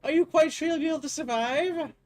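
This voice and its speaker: A man voicing a fussy, genteel old-fashioned male professor with a put-on posh accent, talking high and chirpy. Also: a little fast, a little mellow.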